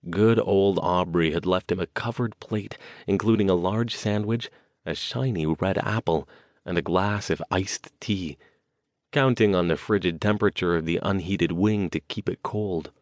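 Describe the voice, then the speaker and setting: A man narrating an audiobook in a measured storytelling manner. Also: low voice, dry recording. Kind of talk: scripted narration.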